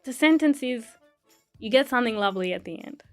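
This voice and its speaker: A woman's voice: a little high, expressive, fairly quick, dry recording, soft background music. A woman co-hosting a podcast, telling stories animatedly with frequent laughter. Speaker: podcast co-host. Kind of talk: casual chat.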